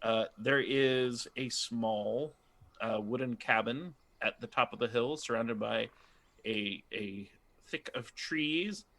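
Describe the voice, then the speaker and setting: A man's voice: mid-range voice, bright, forceful tone. A man narrating as game master of a tabletop game, loose and rambling with many fillers.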